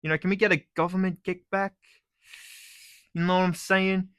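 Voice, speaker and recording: A young man with an Australian accent rants on his own vlog, sarcastic and full of swearing. His voice is bright and forceful and sits a little high. The sound is dry and close. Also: normal speed, clean tone, no echo. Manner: profane, sarcastic, animated ranting. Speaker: YouTuber. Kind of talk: casual ranting vlog.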